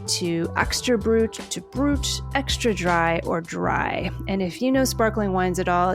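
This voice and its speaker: A woman podcast host giving an enthusiastic scripted narration of a wine tasting, spelling out terms as she goes. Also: medium pitch. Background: music.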